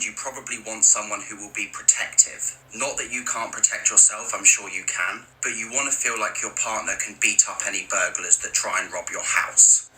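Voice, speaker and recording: A man's voice: on the low side, sharp tone, a little hiss or hum, rough recording. A British man delivering a dry, self-deprecating scripted comedy monologue, hesitant and apologetic in his sketches. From Britain. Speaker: comedy video creator.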